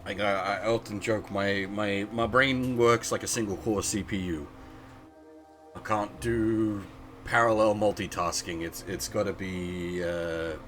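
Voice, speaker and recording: A man's voice: fairly low pitch, fairly even intonation, a little slow, a bit bright, faint music behind. A man streaming a video game, chatting casually in a rambling way with frequent restarts. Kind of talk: casual chat over gameplay.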